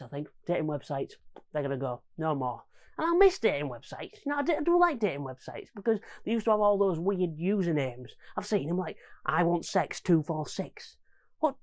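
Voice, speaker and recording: A comedian hosting a home-made comedy variety show, jokey and self-mocking. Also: male voice, high-pitched.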